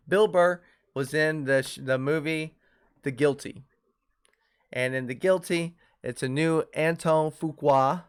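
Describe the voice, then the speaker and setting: A man's voice: mid-range voice, clear, resonant tone. A man hosting his own podcast, ranting casually and profanely about shows and movies. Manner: profane, animated ranting with laughs. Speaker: podcast host. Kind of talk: casual solo podcast rant.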